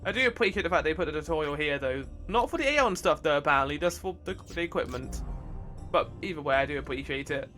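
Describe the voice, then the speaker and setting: A chatty man with a bright, forward voice talks his way through a game, reacting and musing aloud. He sits a little higher than most men in pitch, with soft game music behind him. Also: fast. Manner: chatty, excitable, thinks aloud. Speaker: let's play host. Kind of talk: casual gameplay commentary.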